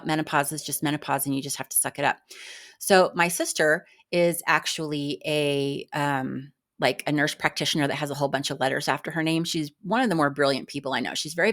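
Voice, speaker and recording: A woman's voice: low-pitched, a bit bright. Frank, exasperated woman in her fifties. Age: 50s. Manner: frank, exasperated and chatty, with fillers and restarts. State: exhausted. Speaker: vlogger. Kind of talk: candid personal vlog.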